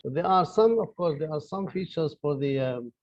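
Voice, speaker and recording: A man's voice: a little high, animated, normal speed, muffled recording. Male professor, hesitant lecture. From Libya. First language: Arabic. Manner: hesitant, many fillers and restarts. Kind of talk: online lecture. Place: his office.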